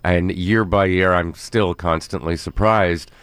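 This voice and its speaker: A man appearing as a guest actor in a radio interview, speaking in a halting way with frequent restarts. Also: sits low, steady tone, fairly bright tone, clean tone, dry recording. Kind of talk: casual interview chat.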